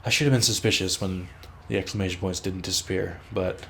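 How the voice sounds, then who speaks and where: Low-voiced man casually narrating his gameplay. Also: fairly even intonation, fairly quick, a little hiss or hum. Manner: rambling, swears freely, teases himself. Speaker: let's play host.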